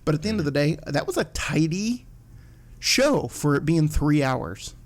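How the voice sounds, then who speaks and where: A man hosting a casual wrestling podcast from home, animated, swearing and laughing as he acts out what others said. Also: fairly high pitch, moderate pace. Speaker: podcast host.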